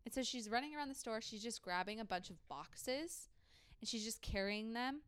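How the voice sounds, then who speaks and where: A young woman chats into a podcast mic, spinning a long story from work and leaning on "like" at every turn. Her voice is smooth and clear, and the sound is dry and close with no room around it. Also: fairly high pitch, animated, normal speed, fairly bright tone, dry recording. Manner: chatty, heavy use of "like", acts out quoted people. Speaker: podcast co-host. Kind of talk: casual storytelling chat.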